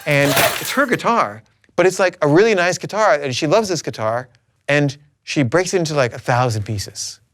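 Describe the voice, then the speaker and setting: A man's voice: a little high, animated, moderate pace, background noise. A middle-aged man telling a personal story in a rambling, anxious way full of fillers. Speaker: filmmaker recounting his life.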